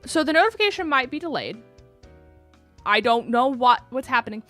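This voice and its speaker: Brief: young woman streamer, bright and gushing, close dry mic at home. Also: high-pitched, expressive, moderate pace, long pauses, no echo, soft background music. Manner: gushing, effusive thanks to chat. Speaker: live streamer. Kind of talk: casual chat.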